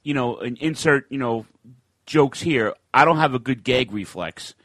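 A man's voice: mid-range voice, moderate pace, a bit bright, no echo. A man in his forties hosting an internet radio talk show, telling chatty stories and acting out the other people in them. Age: 40s. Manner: chatty storyteller, acts out other people's lines. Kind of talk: casual podcast chat.

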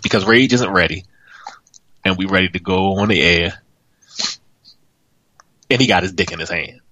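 A man's voice: sits low, moderate pace, long pauses, sharp tone, no room sound, poor audio. A man hosting a podcast, ranting in exasperation, swearing and laughing as he waits for his co-host. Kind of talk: profane comedic podcast rant.

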